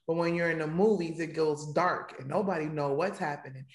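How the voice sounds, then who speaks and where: A woman's voice: low voice, fairly even intonation, fairly quick. Playful slangy woman, roomy sound. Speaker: podcast guest. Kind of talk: casual chat.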